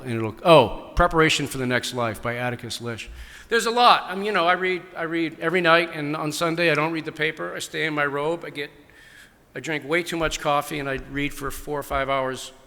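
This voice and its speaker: A man's voice: on the high side, bright, forceful tone, big-room sound. A man, answering an audience's questions in casual, rambling talk with many restarts. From New England. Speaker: author at book festival Q&A. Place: large hall.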